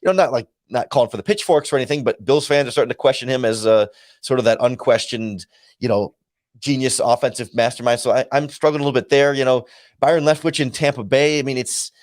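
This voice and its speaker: A male guest analyst on a casual sports talk show who thinks aloud, often restarting his sentences. His voice sits at an average pitch for a man. The recording is dry and close. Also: no room sound. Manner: halting, thoughtful, many restarts. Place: remote call.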